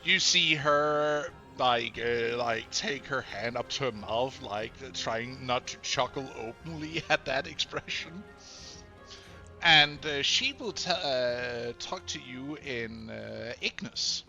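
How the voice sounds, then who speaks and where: A man narrates a tabletop game as game master in a slow, gravelly voice with a sharp, bright edge. He often pauses to search for words. Faint music plays behind. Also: medium pitch, highs cut off.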